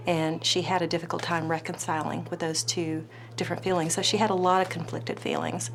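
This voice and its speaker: A woman counselor speaks steadily in an interview. Her voice sits low and stays level, and she weighs her words with frequent pauses. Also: vocal fry. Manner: measured, clinical, with many fillers.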